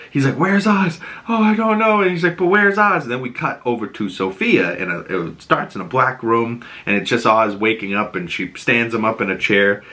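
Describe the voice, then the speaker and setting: A man with a Boston accent giving a casual, animated episode recap, acting out the characters' lines. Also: lowish voice. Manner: animated, acts out characters' lines in raised voices. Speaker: TV show reviewer.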